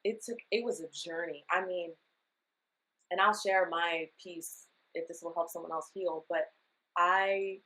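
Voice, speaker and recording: A woman's voice: lowish voice, fairly even intonation, measured pace, pushed and bright, poor audio. A woman guest on a podcast, candidly telling a personal story with feeling and acting out her past self in quotes. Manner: emotional, confessional storytelling. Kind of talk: candid casual chat.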